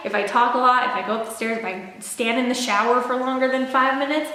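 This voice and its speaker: A woman's voice: fairly high pitch, steady tone, a little fast, sharp tone. A young woman vlogging a casual pregnancy update, chatty and rambling with many fillers and restarts, a little out of breath. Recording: very echoey room with long reverb.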